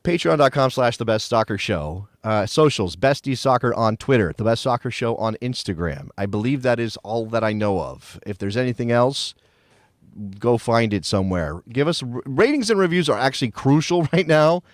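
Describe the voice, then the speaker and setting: A man's voice: medium pitch, lively intonation, moderate pace, dry recording, studio quality. An American man co-hosting a podcast, rambling casually with lots of restarts and easy laughter. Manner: rambling, self-interrupting, laughs easily. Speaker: podcast co-host. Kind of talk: casual chat.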